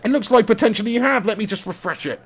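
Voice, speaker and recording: A young man talks casually through a live game stream. His voice sits fairly high, and he laughs often as he chats and reads out viewer messages. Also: expressive, fast, breathy edge. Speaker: gaming streamer.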